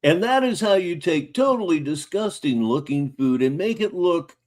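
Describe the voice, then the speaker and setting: A man's voice: fairly high pitch, lively intonation, normal speed, darkish tone, soft background music. An older man hosting a casual livestream, talking in a wry, mocking way. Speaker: livestream host.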